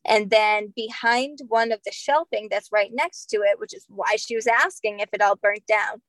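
A woman's voice: medium pitch, moderate pace, a bit bright, dry recording, rough recording. A woman, a spirit medium on a podcast, telling a story in a casual, chatty way full of "like" and "um". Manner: chatty, filler-heavy with frequent "like" and "um".

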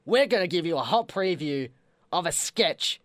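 A man's voice: a little high, lively intonation, normal speed, a bit bright, no room sound, clean studio sound. A man co-hosting a comedy podcast, plugging shows in a playful, joking way. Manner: playful, promotional. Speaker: podcast co-host.

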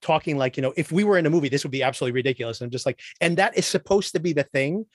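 Animated man ranting, dry close sound. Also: on the high side, no echo. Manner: animated, ranting, mimics characters in quick asides. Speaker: podcast host. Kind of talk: casual chat.

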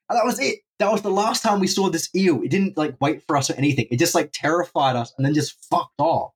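A young man telling a long story on a podcast in a casual, animated way, swearing freely. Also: fairly high pitch, fast talker, hardly any pauses, slightly rough. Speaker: podcast guest, urban explorer.

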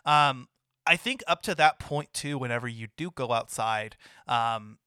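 A man's voice: mid-range voice, measured pace, sharp tone, smooth, no echo, clean studio sound. A man in casual conversation about a video game, talking in loose rambling runs with frequent restarts and laughter. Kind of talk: casual gaming chat.

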